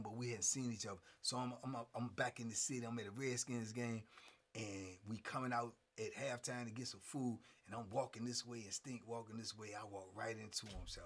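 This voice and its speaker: A middle-aged man, telling prison stories in a casual, animated way and acting out what others said. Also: mid-range voice, husky. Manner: animated, acts out quotes, frequent "man". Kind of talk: casual storytelling.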